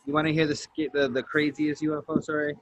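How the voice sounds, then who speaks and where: A man with a fairly high voice tells a long story in a casual podcast, swearing often and acting out every quoted line. The sound is dry and close, but the audio is dull and lo-fi. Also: fast talker, no room sound. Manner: profane, animated storyteller who acts out quotes.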